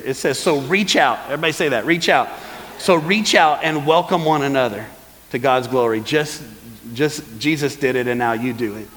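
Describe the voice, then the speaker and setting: A man preaching a sermon as pastor, lively and calling on the congregation to answer back. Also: a little high, long reverb tail, low-quality recording. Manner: lively, calls for congregation responses. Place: church hall.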